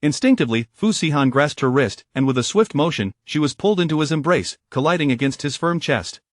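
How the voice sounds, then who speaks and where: A man's voice: a little high, lively intonation, brisk, dry recording. Man narrating a romance audiobook, dry sound.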